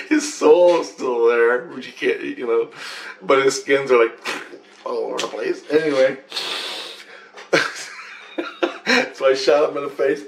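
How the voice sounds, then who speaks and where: Brief: male vlogger, mid-pitched, rambling, swearing and restarting as he talks. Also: takes it slowly, gravelly, pauses often, a little hiss or hum, rough recording. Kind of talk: rambling first-person storytelling.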